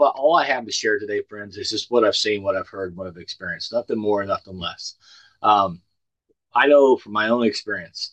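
A man's voice: fairly low pitch, fairly bright tone, no echo, low-quality recording. A man in his sixties from the Ozark Mountains tells his recovery story at a meeting over a video call, in a folksy, plainspoken way with dry humor. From Ozark Mountains, United States. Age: 60s. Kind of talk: personal testimony at a recovery meeting.

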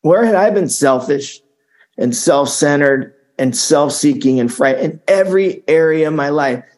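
A middle-aged man telling his recovery story in a casual, halting way, often repeating words and saying "man" and "dude". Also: fairly high pitch, expressive, darkish tone. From Southern California. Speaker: speaker sharing recovery story. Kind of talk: recovery talk.

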